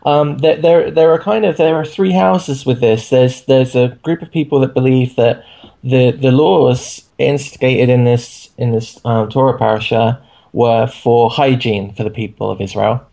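A man's voice: mid-range voice, fairly even intonation, a little slow, gravelly, mellow. A man co-hosting a casual discussion, thinking aloud with hesitant fillers. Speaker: co-host.

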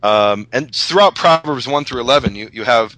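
Bright-voiced man explaining scripture. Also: mid-range voice, lively intonation, normal speed, dry recording, low-quality recording. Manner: thoughtful, explains with scripture quotes. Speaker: guest Bible scholar. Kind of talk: casual religious discussion on a podcast.

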